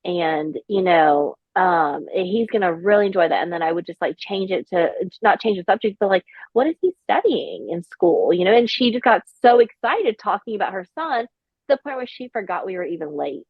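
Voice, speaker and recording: A woman's voice: on the low side, lively intonation, brisk, no echo. Woman, flight attendant, podcast guest, casual rambling chat, dry, slightly muffled. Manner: rambling, filler-heavy storytelling.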